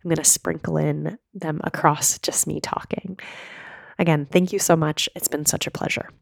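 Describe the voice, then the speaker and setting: A woman in her thirties hosting a solo podcast, coaching listeners in an earnest, direct way while hoarse from a cold. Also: sits low, flat delivery, moderate pace, no echo, clean studio sound. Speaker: podcast host and mindset coach.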